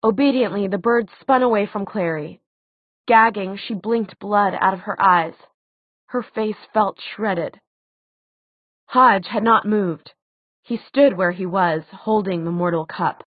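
A woman reading a novel aloud as an audiobook narrator, steady and expressive. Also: mid-range voice, slow, no room sound. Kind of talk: scripted narration. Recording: tinny phone-like dry sound.

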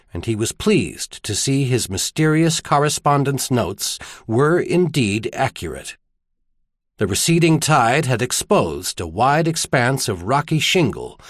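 A man reading an audiobook in a measured storytelling delivery. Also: medium pitch, no room sound, clean studio sound. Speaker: audiobook narrator. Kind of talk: scripted narration.

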